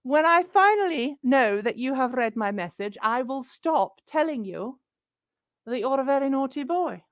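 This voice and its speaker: A woman's voice: sits high, lively intonation, moderate pace, no echo, studio quality. A woman putting on a haughty, ancient queenly figure who scolds a scammer in a pompous, patronising way. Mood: scolding. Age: 179 as a joke figure; old. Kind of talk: comic in-character rant.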